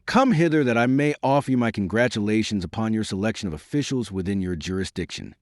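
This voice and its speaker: A man's voice: fairly low pitch, fast, darkish tone, no echo, clean studio sound, lightly acted. A man voicing an angry, haughty queen who speaks with cold sarcasm in an audiobook reading. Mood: sarcastic.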